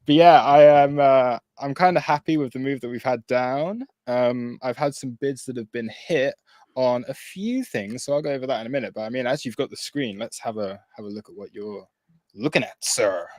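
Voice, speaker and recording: British male host, casual live-stream chat, mid-pitched, dry mic. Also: normal speed, darkish tone, no echo. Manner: chatty, laughs often, many restarts.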